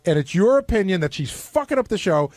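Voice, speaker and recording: Fast, needling high-voiced man. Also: big pitch swings, darkish tone, dry recording. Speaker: radio show panelist. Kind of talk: heated casual chat.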